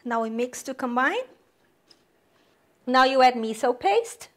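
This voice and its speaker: High-voiced chatty woman cooking on camera. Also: lively intonation, measured pace, a bit bright. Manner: chatty and upbeat, talks the viewer through each step. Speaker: cooking channel host. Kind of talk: casual cooking demonstration to camera.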